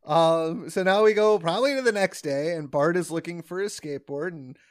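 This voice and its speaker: A man's voice: fairly high pitch, fairly quick. A man co-hosting a podcast in casual chat, recapping a cartoon episode in a laid-back, rambling way. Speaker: podcast co-host.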